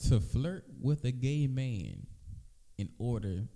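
Man, podcast co-host, lively swooping pitch, mellow warm tone, laughs a lot, profane storytelling. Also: slow, vocal fry. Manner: animated storyteller, laughs often, swears freely. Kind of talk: casual comedic chat.

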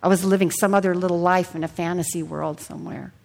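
A woman preaching a sermon in a church hall, earnest and personal, sharing her testimony and sometimes dropping her voice to a hush. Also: fairly low pitch, steady tone, fast talker, gravelly. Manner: earnest, personal testimony with soft hushed passages.

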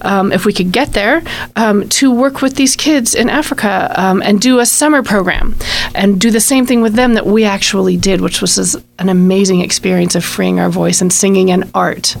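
A middle-aged woman being interviewed on a radio show, recounting her experiences with warmth. She pauses often and fills the gaps with ums, speaking at a plain, middling pitch. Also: steady tone, gravelly. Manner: warm storyteller, hesitant with many ums. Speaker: guest.

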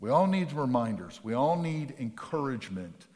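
A man preaching a sermon as pastor, conversational, telling personal stories and asking quick rhetorical questions. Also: mid-range voice, sing-song, darkish tone, in a large hall.

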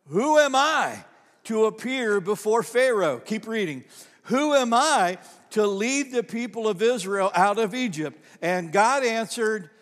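Male pastor, high voice, conversational preaching style, repeats phrases, reverberant sanctuary. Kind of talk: sermon.

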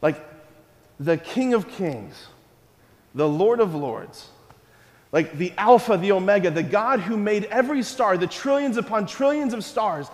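Animated priest with a high voice. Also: male voice, measured pace. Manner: animated and playful, full of rhetorical questions. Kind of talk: sermon-style talk to a live audience. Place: hall with a live audience. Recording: long reverb of a hall.

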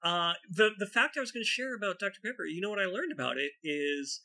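Man, casual chat, very bright tone, slightly high pitch, easygoing. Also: expressive, quick pace. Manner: easygoing, agreeable, chatty with restarts.

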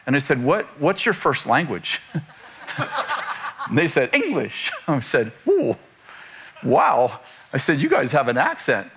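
A man's voice: mid-range voice, big pitch swings, normal speed, long pauses, a bit bright, a little hiss or hum. An older man preaching a sermon to a congregation, in a conversational style with joking asides and chuckles. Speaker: pastor. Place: church before a congregation.

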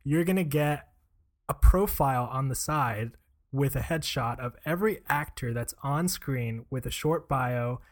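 A man's voice: medium pitch, unhurried. A man in casual chat, easygoing and detail-minded, with plenty of fillers.

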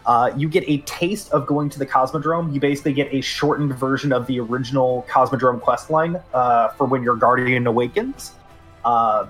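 A man hosting a gaming podcast, chatting casually through the news with lots of fillers. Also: mid-range voice. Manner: rambling, filler-heavy. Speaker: podcast host.

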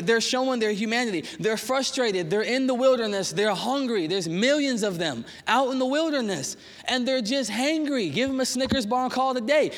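A young male pastor with a high voice preaches a casual sermon in a church. He tells personal stories in a conversational, animated way and drops in quick asides. His voice rings through a reverberant church hall.

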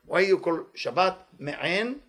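A man giving a weekly inspirational Torah talk as a teacher, animated and playful, in non-native English phrasing. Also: high-pitched, takes it slowly.

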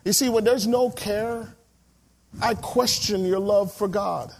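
A male pastor in his thirties delivers a sermon in a slightly raised voice. He is animated and emphatic, slows down to stress his points and mimics the people in his stories. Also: sits high, creaky.

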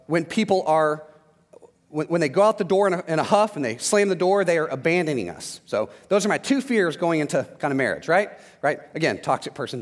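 A man with a notably high voice preaches to his congregation and tells frank, funny stories from his own life. His voice carries a long reverb from a large hall. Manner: candid storytelling with humor. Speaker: pastor. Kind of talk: sermon.

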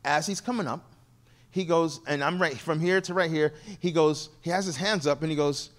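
A man preaching as a guest, telling stories from the pulpit and acting out the voices of the people in them. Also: moderate pace. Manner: animated, acts out quoted people with shifting pitch. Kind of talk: sermon storytelling.

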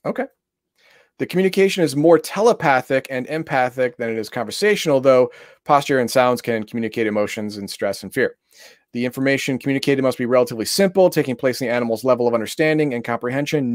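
A man's voice: medium pitch, quick pace, no echo, clean studio sound. A man reading tabletop game rules aloud in casual chat, breaking into exasperated, profane rants.

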